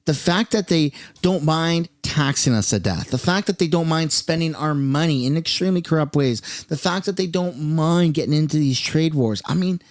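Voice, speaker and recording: A Canadian commentary host rants angrily and exasperatedly about the state of the country, with lots of profanity. His voice is on the high side, at a moderate pace with few pauses. The sound is studio quality with no echo.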